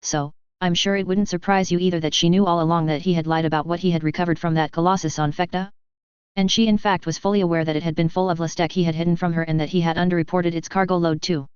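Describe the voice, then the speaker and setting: A reader doing a calm amused officer. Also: medium pitch, fast, smooth, no echo, muffled recording, close to an everyday voice.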